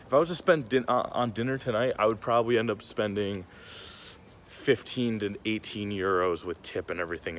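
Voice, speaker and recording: A man's voice: medium pitch, slight background noise. A young man vlogging while walking around a city, chatty and self-mocking as he talks to a handheld camera. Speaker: travel vlogger. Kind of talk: casual vlog to camera.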